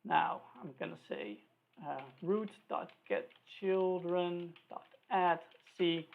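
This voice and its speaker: Coding tutor, slow talker, thinks aloud, fixes own slips, phone-like tinny audio. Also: medium pitch, gravelly. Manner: thinks aloud, self-correcting, spelling out code. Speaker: programming instructor.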